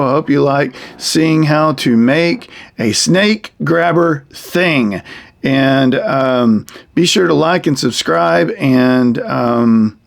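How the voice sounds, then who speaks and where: Here the man's creaky voice sits on the high side. He rambles folksily through a casual survival demo for kids, leaning heavily on filler words.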